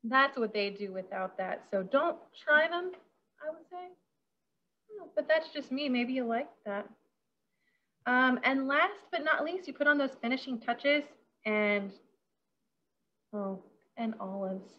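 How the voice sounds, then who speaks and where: A woman's voice: high-pitched, animated, a little slow, pauses often, dull audio, a little hiss or hum. A woman caterer leading a casual hands-on workshop over a video call, bubbly and chatty, giggling often.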